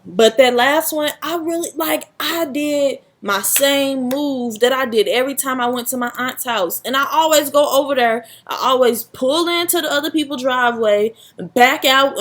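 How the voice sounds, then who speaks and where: Young woman, fairly high voice, animated dramatic storyteller, casual slangy chat. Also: moderate pace. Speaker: vlogger.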